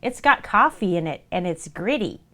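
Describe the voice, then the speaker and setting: A woman's voice: lowish voice, expressive, moderate pace, a bit bright. A woman doing a grumbling, cranky mother-in-law. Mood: grumpy. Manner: grumbling and complaining. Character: cranky, picky middle-aged mother-in-law.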